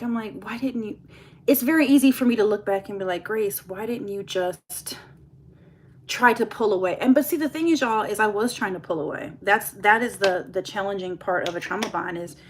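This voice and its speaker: A young woman talks straight to her viewers in a casual get-ready-with-me vlog. Her voice sits in an ordinary mid range, candid and confessional. There is a faint hiss of noise behind her. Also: mid-range voice. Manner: candid, confessional, laughs while telling, addresses viewers as y'all. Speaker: vlogger.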